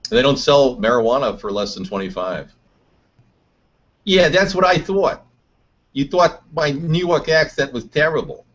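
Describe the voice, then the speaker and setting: A man hosting a live chat show, speechifying like a mock political candidate and swinging between booming lines and muttered asides. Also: expressive, unhurried, pauses often, fairly bright tone. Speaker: show host. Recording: dull lo-fi stream audio.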